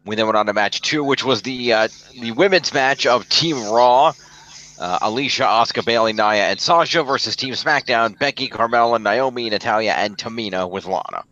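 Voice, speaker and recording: Bright-voiced man recapping wrestling. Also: mid-range voice, moderate pace, dull audio. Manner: recaps results, fillers and restarts. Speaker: podcast co-host. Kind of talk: casual wrestling recap chat.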